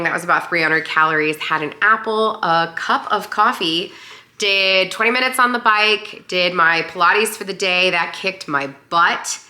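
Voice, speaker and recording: A young woman with a hoarse, deep and raspy voice, chatting casually and upbeat in a lifestyle vlog. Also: sharp tone. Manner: chatty, upbeat, many fillers. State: hoarse, voice partly lost. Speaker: lifestyle vlogger.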